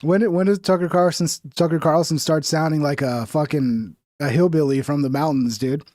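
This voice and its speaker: A man's voice: on the high side, normal speed, a little mellow, no room sound, studio quality. A man hosting a livestream, reacting to video clips in a casual, mocking way and swearing freely. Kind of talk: casual profane reaction commentary.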